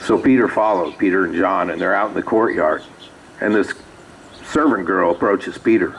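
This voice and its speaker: Preacher guy, real low voice, chatty storytelling sermon, bit of faint noise behind. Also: normal speed, creaky, low-quality recording. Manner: conversational storytelling with asides. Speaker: pastor. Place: small rural church.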